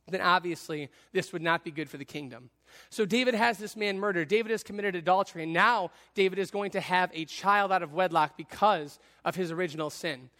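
A man's voice: sits high, fairly bright tone. A man preaching a sermon to young people, earnest and building in intensity as he acts out scripture. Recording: long hall reverb.

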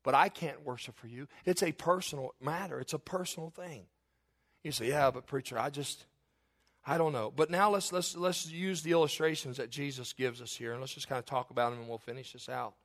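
A man preaching a sermon as pastor, emphatic and rising into loud bursts. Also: medium pitch, a little fast.

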